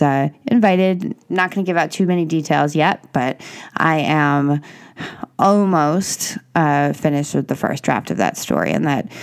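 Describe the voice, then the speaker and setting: A woman hosting a solo podcast, rambling and self-reflective, breathy and congested with a scratchy throat from a cold. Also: deep voice. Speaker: podcast host.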